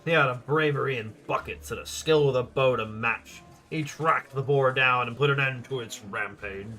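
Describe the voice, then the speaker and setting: A folksy tavern keeper with a homespun Southern drawl, as a man puts him on. He rambles hospitably about the village, his voice bright and forward at an ordinary middle pitch. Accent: attempted American Southern drawl. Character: jovial village tavern keeper, proud storyteller.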